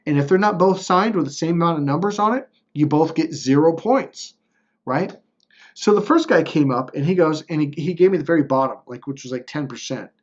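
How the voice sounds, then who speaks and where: A man's voice: on the high side, expressive, a little fast, lo-fi sound. A man telling a personal story in a casual, rambling way, blunt and profane, checking in with "right?" as he goes. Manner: blunt and profane, swearing freely; rambling, with restarts and frequent "right?". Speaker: motivational speaker.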